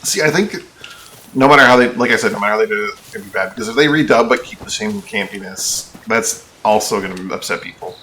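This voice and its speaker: A very low-voiced man talks over his gameplay in a loose, rambling way, often restarting his thoughts. His tone is bright and forceful despite the depth, and faint noise with clicks sits behind him. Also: fast. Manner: rambling, thinks aloud with restarts and asides. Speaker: streamer. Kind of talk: casual gameplay commentary.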